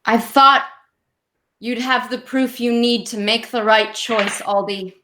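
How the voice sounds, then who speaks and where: A determined young heroine stands her ground against her own sister, her voice lifted well above a normal pitch. A woman plays her in a tabletop game. She speaks slowly, pleading and defiant at once. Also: fairly even intonation, sharp tone, reverberant. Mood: reproachful.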